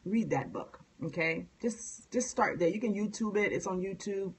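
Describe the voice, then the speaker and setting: A woman hosting a casual live-stream chat, energetic and talkative with many fillers. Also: medium pitch, normal speed, breathy edge. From United States. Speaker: host.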